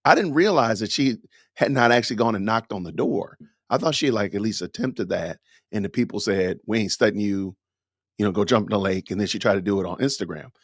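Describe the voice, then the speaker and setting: A man's voice: mid-range voice, no echo, studio quality. Emphatic man scolding on a podcast. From Atlanta. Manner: emphatic, scolding, preacher-like cadence. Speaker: podcast host. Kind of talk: commentary on a news clip.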